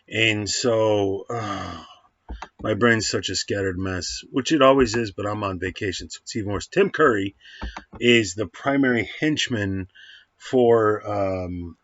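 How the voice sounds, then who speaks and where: A man's voice: fairly low pitch, dry recording, highs cut off. A man rambling through a casual film review at home, full of fillers and restarts. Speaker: movie reviewer.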